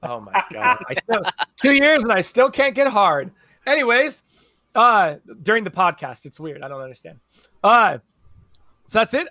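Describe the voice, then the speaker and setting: Bright-voiced podcast host, dry sound. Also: male voice, high-pitched, very animated, moderate pace, no room sound. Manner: joking, loud bits of mock yelling. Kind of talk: casual gaming podcast chat.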